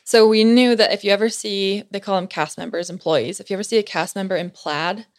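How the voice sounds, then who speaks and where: A woman's voice: medium pitch, steady tone, a little fast. Giggly young woman telling a story. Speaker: guest. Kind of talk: casual chat.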